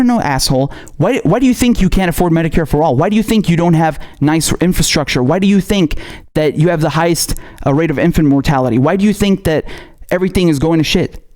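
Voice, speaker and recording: A man's voice: on the high side, darkish tone. A man angrily ranting as a political commentator, swearing constantly and mocking his targets. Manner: profane, furious ranting with sarcastic mock quotes. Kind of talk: angry political rant.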